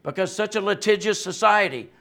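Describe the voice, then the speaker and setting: A man's voice: high voice, brisk, sharp tone. A male pastor preaching a sermon with passion and emphasis, often adding a questioning "right?" and laughing lightly between points.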